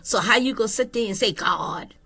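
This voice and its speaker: A woman's voice: medium pitch, a little fast, gravelly, bright, forceful tone, husky, faint music behind, voice pushed down, full character voice. A woman voicing a scornful relative who mocks someone's spiritual talk, scolding and dismissive.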